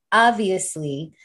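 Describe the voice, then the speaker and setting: A woman's voice: medium pitch, a bit bright, breathy edge. A woman co-hosting a podcast, recapping a horror film in a casual, slangy way and laughing often. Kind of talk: casual chat.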